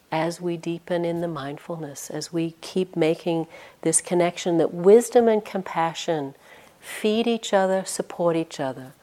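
A middle-aged woman meditation teacher giving a gentle, reflective dharma talk on retreat. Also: low-pitched.

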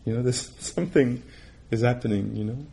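A man's voice: medium pitch, brisk, creaky, mellow. A middle-aged man giving a meditation talk in a casual, conversational way, laughing often and acting out quoted voices. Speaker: meditation teacher. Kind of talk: dharma talk.

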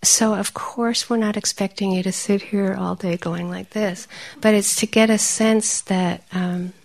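Woman giving a lively meditation talk. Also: mid-range voice, measured pace, creaky. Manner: animated storytelling, laughs often, drops to soft whisper. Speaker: meditation teacher. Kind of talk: dharma talk.

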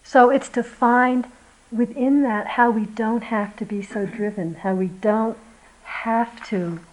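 Woman giving a gentle dharma talk. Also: fairly high pitch, steady tone, takes it slowly, poor audio. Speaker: meditation teacher.

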